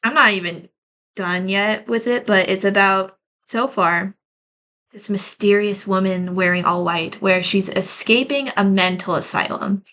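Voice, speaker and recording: A woman's voice: mid-range voice, unhurried, bright, forceful tone. A woman giving a casual tarot reading to her viewers, chatty and rambling with lots of "like" fillers, calling her audience y'all. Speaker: tarot reader.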